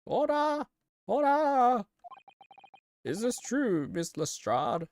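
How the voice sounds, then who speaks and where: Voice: medium pitch, wildly swooping pitch, unhurried, a little hiss or hum. A streamer reading a stern, pompous older male judge in a raised, exclaiming voice. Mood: outraged. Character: stern old male judge, easily scandalized.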